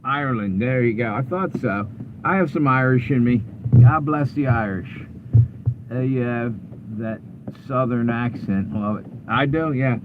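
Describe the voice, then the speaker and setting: A man from Delaware chatting casually with viewers during a live stream from his parked car, low-key and tired. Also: unhurried. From Delaware, USA. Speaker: livestream host. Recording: phone-like audio with clear road and car noise.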